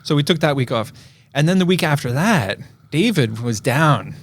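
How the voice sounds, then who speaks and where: A man's voice: a little high, animated, moderate pace. A man co-hosting a podcast in casual chat, talking in a rambling, easygoing way and laughing often. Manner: chatty and rambling, laughs easily. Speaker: podcast co-host. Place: podcast studio.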